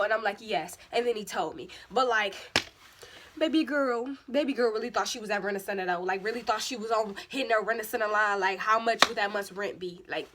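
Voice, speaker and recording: A young woman vlogger telling her own embarrassing stories in a casual, animated and slangy way, poking fun at herself. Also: fairly high pitch, moderate pace, background noise. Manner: animated, slangy, self-mocking. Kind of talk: casual storytelling.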